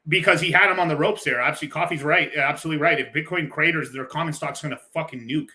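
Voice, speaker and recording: A man with a bright, slightly raised voice rambles through an off-the-cuff reaction, laughing and cursing freely. His talk is loose, full of restarts and asides. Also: fairly high pitch, fast. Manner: loose, rambling, laughs often, swears a lot. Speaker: stream host reacting to a clip. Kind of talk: casual profane reaction commentary.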